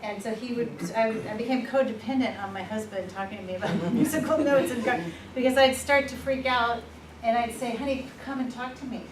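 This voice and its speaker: A woman presenting a workshop, telling personal stories in a lively, informal way and laughing at herself. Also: fairly high pitch, brisk. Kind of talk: personal storytelling in a workshop talk. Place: workshop room. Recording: echoey room, far from the mic, noisy.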